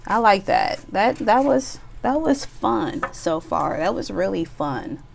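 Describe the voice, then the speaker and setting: A woman's voice: mid-range voice, sing-song, takes it slowly, vocal fry, a little hiss or hum. A woman giving a casual pick-a-card tarot reading, chatty and playful, with bawdy jokes and bursts of laughter. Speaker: tarot reader.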